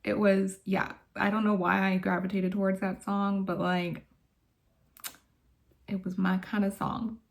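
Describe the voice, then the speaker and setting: A woman's voice: mid-range voice, flat delivery, a little slow, vocal fry. A woman vlogger chatting casually from her bedroom, gushing and laughing often as she talks. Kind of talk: casual chat.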